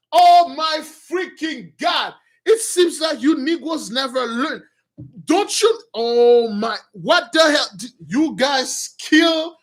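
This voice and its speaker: A man voicing an angry ancient king who shouts and scolds, his voice higher than his usual talk. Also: heavily acted.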